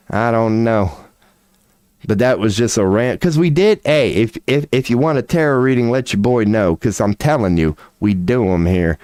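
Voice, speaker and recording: A man with a smooth voice rambles excitably on a livestream, swearing a lot and letting his pitch swing up and down as he works himself up; he offers tarot readings there too. The audio is clean studio sound without echo.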